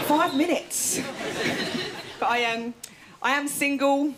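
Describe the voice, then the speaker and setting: A woman's voice: high-pitched, slow, long pauses. Self-mocking woman stand-up, noisy recording. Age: 30s. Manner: chatty, self-mocking, trails into laughs. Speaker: stand-up comedian. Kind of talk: stand-up comedy set. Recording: loud noisy stage recording.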